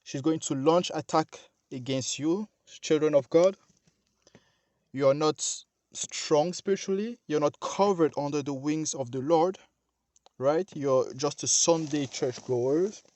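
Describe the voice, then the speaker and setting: A man's voice: fairly high pitch, a little slow, a little mellow, no room sound. A man preaching a sermon, speaking emphatically, repeating himself and addressing the listeners directly.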